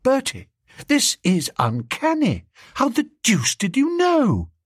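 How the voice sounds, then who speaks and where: A man voicing a vague, muddled young gentleman who talks in a flustered, stammering way. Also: high voice, animated, moderate pace, no room sound, studio quality, pitched above the performer's own voice.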